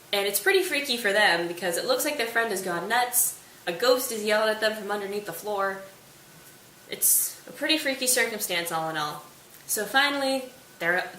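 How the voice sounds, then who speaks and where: A young woman who hosts a literature study channel gives students a chatty, playful, informal summary of a play. Her mid-range voice is bright and forceful, captured in an echoey room on a distant mic with faint hiss.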